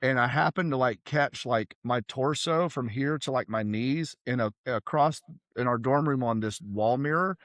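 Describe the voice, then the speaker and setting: A middle-aged man, from South Carolina, telling stories as a podcast guest in a casual, animated way and acting out the people he quotes. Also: mid-range voice, moderate pace, no echo, studio quality. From South Carolina, USA. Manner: animated, acts out quoted voices. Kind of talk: casual storytelling.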